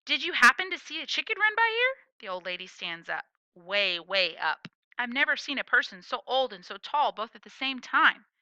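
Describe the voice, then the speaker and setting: Woman reading a kids story, playful and expressive, bright lively voice, dry close sound. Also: a little high, smooth, no room sound, lo-fi sound. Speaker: audiobook reader. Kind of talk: first-person children's story narration.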